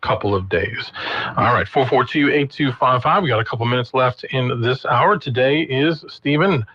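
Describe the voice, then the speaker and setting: A man's voice: medium pitch, normal speed, fairly bright tone. A man co-hosting a radio talk show, bantering casually and laughing often. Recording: dull lo-fi radio broadcast.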